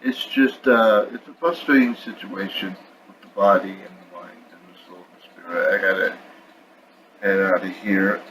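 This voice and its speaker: A man's voice: deep voice, steady tone, moderate pace, a bit bright, a little hiss or hum, poor audio. A young man venting about his health in a frustrated, rambling way, talking casually to camera at home. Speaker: vlogger. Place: at home with his dog on his lap.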